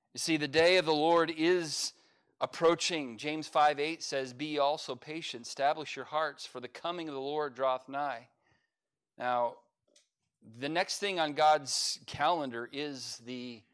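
A man's voice: fairly high pitch, fairly even intonation, unhurried, clear, resonant tone. Emphatic man preaching a sermon. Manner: emphatic preaching with rising, loud stretches; repeats words and restarts phrases. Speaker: pastor. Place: church sanctuary.

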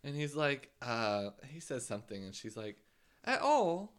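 A co-host in casual chat, loud and crude, who breaks into cackling laughter. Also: medium pitch, moderate pace, clean tone.

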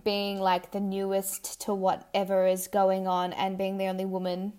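A woman's voice: mid-range voice, monotone, normal speed, dark tone, clean tone. A young Australian woman hosting a podcast, talking thoughtfully and rambling a little with fillers. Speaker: podcast host. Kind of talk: casual podcast chat.

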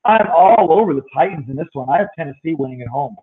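A man's voice: a little high, expressive, fast talker, husky. A man hosting a podcast, chatting casually through game picks. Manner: talkative, rundown of matchups. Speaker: podcast host. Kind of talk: casual sports picks chat. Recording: tinny phone-like sound.

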